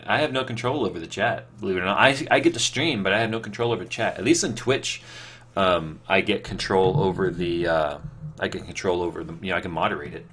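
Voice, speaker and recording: A man's voice: low-pitched, quick pace, a bit bright, a little hiss or hum. A man chatting casually on a live stream, reading viewer questions aloud and answering off the cuff, rambling with lots of fillers and restarts.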